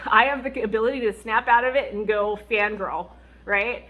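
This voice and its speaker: A Christian mom vlogger gives candid, faith-based advice in a chatty, expressive manner, laughing often and acting out what other people said to bring her stories to life. Her voice is fairly high at a moderate pace, with phone-quality sound.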